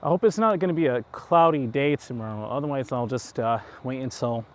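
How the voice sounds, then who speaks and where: A man's voice: mid-range voice, brisk. A man with a slight New York accent, hosting a casual walk-and-talk livestream outdoors at night, rambling and chuckling as he goes. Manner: rambling, chatty, chuckling asides. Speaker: livestream host. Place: outdoors on town streets at night.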